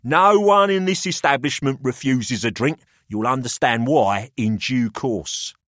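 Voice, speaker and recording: A man's voice: medium pitch, unhurried, fairly bright tone, no echo, clean studio sound, pitched above the performer's own voice, natural voice. A man voicing a pushy, jovial older male collector who talks down to two young men. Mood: showy. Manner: expansive, theatrical, patronising.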